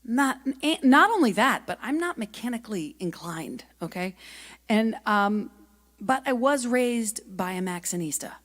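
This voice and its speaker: A middle-aged woman giving a lively, chatty spiritual talk at a spiritual center, telling stories and asking her audience questions. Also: a little high, unhurried. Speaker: guest speaker and singer.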